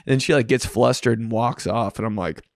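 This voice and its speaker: Young man, comedic story, casual slang, lively acted quotes, mid pitch, dry sound. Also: brisk, no room sound. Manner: animated, slangy, acts out quotes in a higher voice. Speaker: podcast host telling a story.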